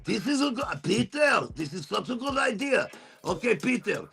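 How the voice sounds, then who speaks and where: A man putting on the voice of his older Israeli mother, loud and emphatic as she lectures about the holiday. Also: high voice, very animated, normal speed, creaky, voice pushed up, exaggerated voice. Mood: delighted. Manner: loud, shouty, talks with her hands.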